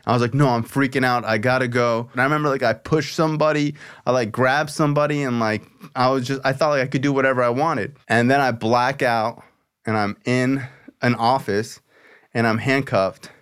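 A male podcast host with a voice of ordinary, middling pitch. He tells his story in a loose, casual way, swearing freely and leaning on "like" between phrases. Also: fairly even intonation, fairly quick, fairly bright tone, clean tone. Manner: loose, profane, filler-heavy with lots of "like".

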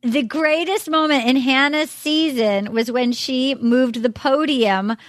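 A woman hosting a podcast, recapping a dating show in casual chat with animated storytelling and frequent laughs. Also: high voice, takes it slowly, dry recording. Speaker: podcast host.

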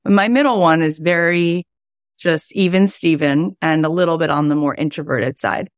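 A woman's voice: deep voice, normal speed, no echo, clean studio sound. A middle-aged woman, a life coach and podcast host, telling a personal story in a chatty, heartfelt way, with many "like" fillers.

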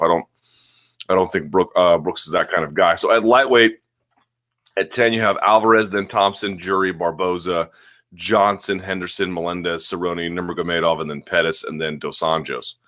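Male host: a lowish, bright voice, casual and self-deprecating, chatting from home. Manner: rambling, self-deprecating, with frequent restarts. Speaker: host of a live chat show. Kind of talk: casual live-stream chat answering viewer questions.

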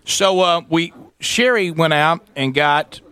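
A man, hosting a talk radio show and telling a story in a lively way, acting out the people in it. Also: a little high, takes it slowly, clean tone. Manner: animated, acts out quoted voices, sarcastic. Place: radio studio.

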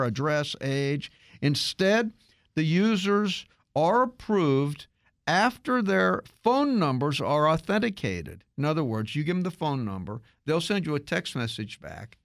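A man hosting a radio tech show, telling a story in a lively, casual way with many restarts. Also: on the high side, no room sound, studio quality. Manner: animated storytelling with frequent restarts.

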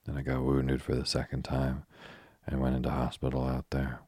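A man's voice: extremely low pitch, monotone, moderate pace, a little mellow, slightly rough, no room sound, studio quality. A man reading the lines of a rueful young ex-soldier who is out of work, glum and self-deprecating. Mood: gloomy.

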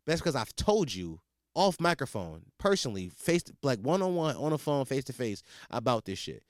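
A man's voice: medium pitch, big pitch swings, normal speed, dry recording, clean studio sound. A man hosting a podcast, ranting in a profane, comedic monologue with frequent restarts. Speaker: podcast host.

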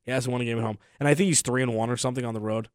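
A man's voice: mid-range voice, steady tone, rapid-fire, clean tone, no echo, clean studio sound. A young adult man hosting a sports podcast, talking casually with a sore throat, rambling and trailing off at the ends of phrases. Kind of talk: casual solo podcast talk.

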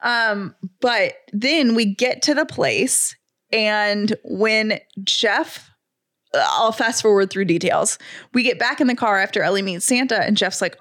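A woman in her thirties co-hosts a casual podcast chat. She tells stories in a chatty way and acts out quoted asides in her own voice. Her pitch sits in a middle range. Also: a little slow, a bit bright. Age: 30s. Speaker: podcast co-host.

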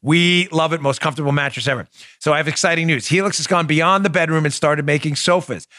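A man's voice: on the high side, fast, sharp tone, dry recording, clean studio sound. A man hosting a political talk show, talking in an emphatic, punchy, conversational way and reading ads. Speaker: host.

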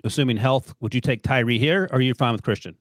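Man, podcast host, quick pace, dry close sound, joking, leads the talk. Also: mid-range voice, no room sound. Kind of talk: casual podcast chat.

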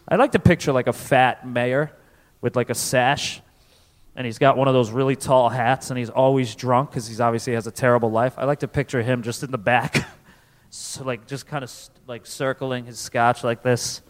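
A man's voice: mid-range voice, fairly even intonation, normal speed. A man from Connecticut doing a loose, self-mocking stand-up comedy set, slipping into voices. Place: comedy club stage. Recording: live in a reverberant club.

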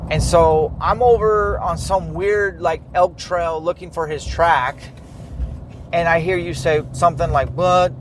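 A man's voice: on the high side, measured pace, a little hiss or hum. A man casually retelling a hunting trip, acting out quoted dialogue. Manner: lively, acts out quoted dialogue. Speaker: hunter telling a hunting story. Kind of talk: casual storytelling chat.

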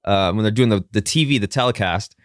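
Animated man telling sports stories. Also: fairly low pitch, fast talker, no room sound, clean studio sound. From Southern California. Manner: animated storyteller, mimics others. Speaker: podcast co-host. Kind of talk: casual sports chat.

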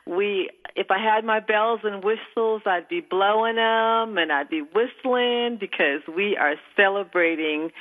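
A woman hosting an internet radio show in casual chat, bubbly and rambling, with many fillers and restarts. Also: medium pitch. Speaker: radio show host and minister. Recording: phone-line audio.

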